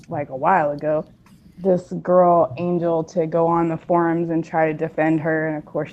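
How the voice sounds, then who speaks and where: Low-voiced blunt woman guest, muffled lo-fi audio. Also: darkish tone, a little hiss or hum. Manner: blunt, explaining with swearing. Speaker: stream guest. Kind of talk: casual chat.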